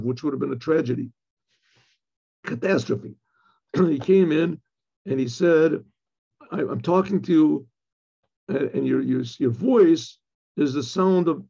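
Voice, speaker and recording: A rabbi in his own informal teaching voice, rather high-pitched for a man, yet gravelly and husky with a mellow, dark tone. He explains texts haltingly, restarting phrases and clearing his throat as he goes. The recording sounds dull and lo-fi. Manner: halting, repeats words, often clears his throat, mixes in Hebrew terms. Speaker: rabbi teaching a Torah class. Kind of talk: informal Torah lecture.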